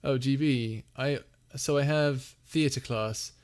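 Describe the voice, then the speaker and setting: A man's voice: medium pitch, slow pace. A young man hosting a casual live Q&A, reading chat messages aloud and laughing often. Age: young adult. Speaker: livestream host.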